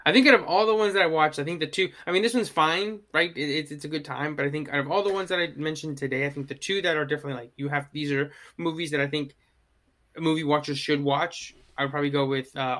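A man co-hosting a casual movie chat, rambling with lots of fillers and animated asides. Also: a little high. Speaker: podcast co-host.

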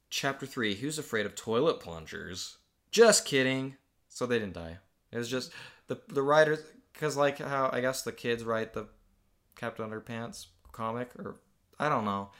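A man's voice: mid-range voice, lively intonation, normal speed, fairly bright tone. A young man reading aloud his own childhood comic book in casual chat, amused and laughing often.

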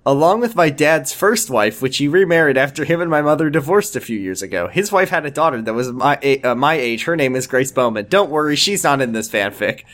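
A man with a somewhat high voice reads fanfiction aloud for laughs, his pitch leaping all over the place. He keeps stopping to crack jokes and comment on the text. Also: lively intonation, a little fast, few pauses, fairly bright tone. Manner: breaks into laughter and side comments while reading. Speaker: podcast co-host reading fanfiction aloud. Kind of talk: comedic dramatic reading with banter.

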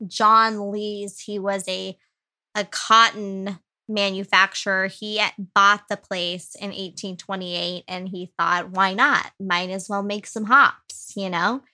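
A woman co-hosting a podcast who tells her story in loose, chatty casual talk. Her voice is bright and forward, with a giggly ease and plenty of fillers. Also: medium pitch, steady tone, takes it slowly. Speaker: podcast co-host. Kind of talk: casual chat.

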